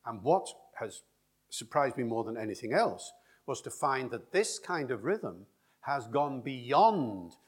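Husky man giving a lecture. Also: mid-range voice, very animated, measured pace. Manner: demonstrates speech rhythms aloud. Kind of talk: public lecture.

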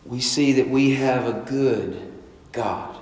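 A man preaching a sermon, telling a story and acting out the voices in it, swinging from loud to soft. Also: mid-range voice, slow pace. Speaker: pastor. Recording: echoey hall.

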